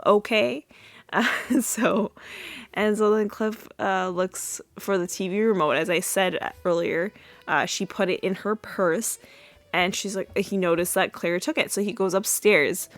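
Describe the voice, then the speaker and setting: A woman's voice: mid-range voice, a bit bright, dry recording. A young woman podcast host recapping a sitcom episode in a chatty way, full of fillers and restarts. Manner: chatty, many fillers and restarts, laughs at own retelling.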